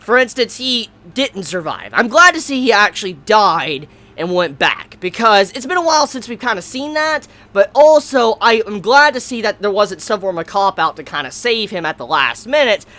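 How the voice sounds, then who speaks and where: A woman giving a casual, animated anime episode review, swearing freely and breaking into loud outbursts. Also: mid-range voice, moderate pace.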